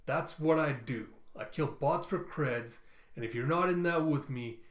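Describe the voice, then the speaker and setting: A man's voice: a little high, unhurried, a bit bright. A man voicing a blunt, threatening male scrapper who hunts robots, reading from a comic. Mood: menacing. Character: gruff male bot-hunting scrapper, tough. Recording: roomy echo.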